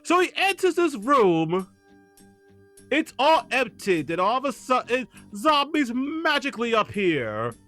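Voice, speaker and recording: A man's voice: very high voice, measured pace, faint music behind. A man in a casual chat about a film, retelling scenes with lots of laughing and acted-out lines. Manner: animated, acts out movie lines, laughs often. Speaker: co-host. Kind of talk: casual movie discussion.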